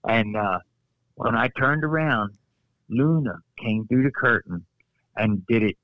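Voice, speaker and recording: A man's voice: lowish voice, measured pace, dry recording. Middle-aged male guest, folksy storyteller, dry close sound, a bit dull. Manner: lively storyteller, folksy asides. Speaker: guest former wrestler. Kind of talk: casual storytelling on a podcast. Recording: slightly dull dry remote audio.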